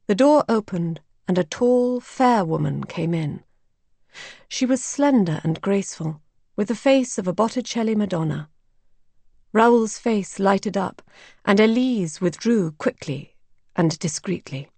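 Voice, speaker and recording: A woman reads an audiobook in a calm, measured voice. Her delivery is slow and slightly breathy, recorded close and dry. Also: mid-range voice, no echo. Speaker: narrator. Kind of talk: audiobook narration.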